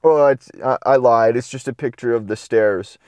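A man's voice: medium pitch, normal speed, a little mellow, clean tone, no room sound, clean studio sound. A man reading a children's storybook aloud, breaking off for chatty, playful commentary. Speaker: storybook reader. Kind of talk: casual read-aloud with commentary.

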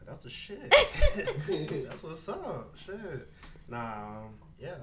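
A man's voice: fairly high pitch, huge pitch swings, drawn-out words, echoey room, far from the mic, background noise. A man co-hosting a casual podcast, making laid-back, drawling asides. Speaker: podcast co-host. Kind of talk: casual chat.

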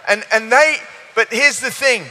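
A man with a high, bright voice preaches earnestly to young people. He trips over his words and restarts often. The sound rings with the long reverb of a large church hall. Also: unhurried. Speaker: youth preacher. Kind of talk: youth service talk.

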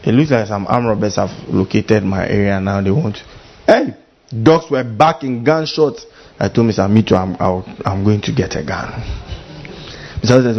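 A man preaching a sermon as pastor, animated and full of mimicry, with a husky voice. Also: fairly low pitch, normal speed, dull audio.

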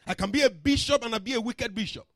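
A man preaching a sermon to a church congregation, dramatic and full of story voices, dropping to a hush and rising to shouts. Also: very high-pitched, fast talker, dry recording. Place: church service.

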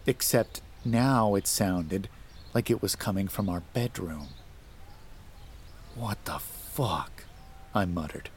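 Slow, dramatic male horror narrator. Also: medium pitch, a little mellow. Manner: measured, dramatic, rising to tense emphasis.

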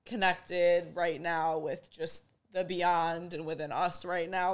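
Lower-voiced young woman host, affirming. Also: little pitch movement, slow pace, hardly any pauses. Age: young adult. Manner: supportive, affirming. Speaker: podcast host. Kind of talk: heartfelt conversation.

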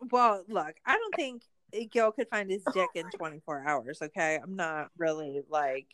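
A woman's voice: lowish voice, animated, unhurried, a bit bright, a little hiss or hum. A woman co-hosting a casual podcast, ranting with heavy profanity and sarcasm. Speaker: podcast co-host.

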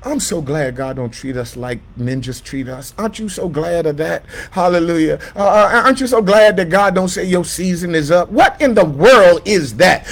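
High-voiced preacher. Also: male voice, expressive, measured pace. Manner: swings between hushed asides and shouted, repeated preaching lines. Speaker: pastor. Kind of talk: sermon.

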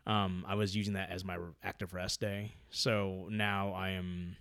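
A man chatting casually about his training, rambling with lots of fillers and getting loud when excited. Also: low-pitched, unhurried, vocal fry, clean tone, no room sound, studio quality. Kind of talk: casual podcast chat.

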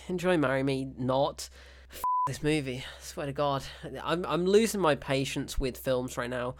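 An exasperated man rants through a solo film review with a sarcastic edge. His pitch sits in the middle for a man. He sighs, exclaims and keeps biting off his swear words. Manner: exasperated, sarcastic ranting with frequent cut-off swearing. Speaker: film reviewer, show host.

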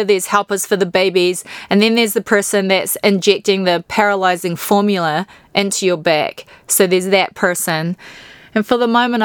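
A woman's voice: mid-range voice, smooth, no echo, clean studio sound. A woman from New Zealand with a New Zealand accent, hosting a podcast and candidly, emotionally retelling personal stories. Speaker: podcast host.

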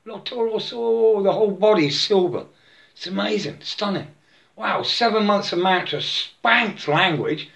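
A man giving a halting, repetitive spiritual monologue, breaking into chanted mantras and laughing to himself. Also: high voice, gravelly, fairly bright tone.

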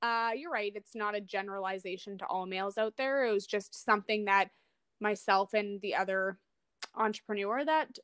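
A young woman co-hosting a podcast speaks in an easy, conversational way. She backs up her co-host with short reactions. Her voice is mid-pitched and the recording is dry and close. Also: normal speed, a bit bright, clean tone, dry recording. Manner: supportive, chimes in with short reactions. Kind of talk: casual chat.

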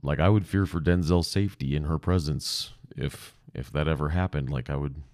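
A man's voice: extremely low pitch, moderate pace, darkish tone, dry recording, clean studio sound. A young man hosting a podcast, rambling casually and self-deprecatingly with lots of swearing. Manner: profane, self-deprecating, digressive. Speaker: podcast host. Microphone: podcast microphone.

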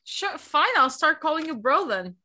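A young woman from Portugal talks casually on a book podcast with a bright, forward tone. Her voice sits a little high. She is chatty and teasing, and she jokes at her own expense. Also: normal speed. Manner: chatty, animated, self-mocking. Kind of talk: casual chat.

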